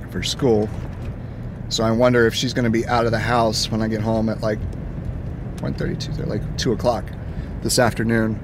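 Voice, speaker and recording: A man chatting casually from his car while driving, telling stories in an animated way and acting out both sides of each exchange. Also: medium pitch. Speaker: gaming vlogger. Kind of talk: casual chat. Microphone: phone camera. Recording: faint road noise inside a moving car. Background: faint car and road noise.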